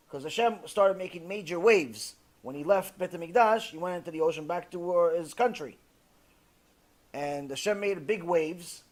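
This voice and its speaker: A man's voice: sits high, animated, normal speed, a little mellow. A man preaching as a rabbi, retelling a story with passion and frequent fillers. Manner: impassioned, many fillers. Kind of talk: sermon storytelling.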